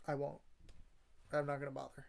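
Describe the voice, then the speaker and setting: Gravelly man rambling in a video diary. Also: mid-range voice, monotone. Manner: rambling, self-deprecating, halting with many fillers. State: congested. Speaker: vlogger. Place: in a car.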